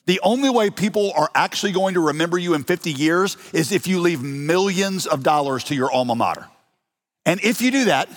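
An American pastor from the United States preaches a sermon in a church hall, addressing his congregation conversationally and with humor while asking them questions. His voice is on the high side and fairly bright, echoing in the large hall.

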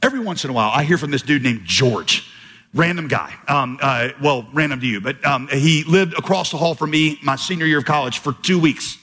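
Animated pastor in a reverberant hall. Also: male voice, a little high, fairly quick. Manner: storytelling with quoted voices, animated and emphatic. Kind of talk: sermon. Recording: long hall reverb, slightly husky.

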